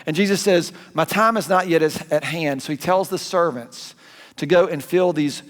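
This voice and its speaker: Southern male pastor, slightly high voice, chatty animated preaching, church hall reverb. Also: normal speed. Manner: conversational, animated storytelling with self-corrections. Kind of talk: sermon.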